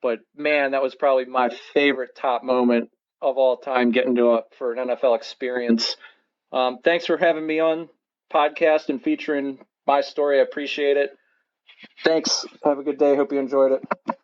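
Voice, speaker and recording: A man recounts a personal story in an excited, rambling way, full of fillers. His voice sits at a middle pitch. The recording is dull and lo-fi. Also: moderate pace, smooth. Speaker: listener telling a story.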